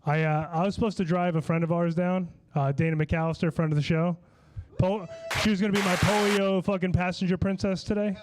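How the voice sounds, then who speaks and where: A man's voice: sits high, fairly even intonation, brisk, background noise. A man from Long Island doing a stand-up comedy set, slightly tipsy and slurring, with a loose, rambling delivery full of restarts and swearing. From Long Island, New York.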